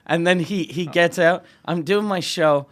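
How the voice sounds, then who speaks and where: Higher-voiced man telling a profane story. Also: unhurried. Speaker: podcast co-host, comedian. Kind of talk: casual storytelling chat.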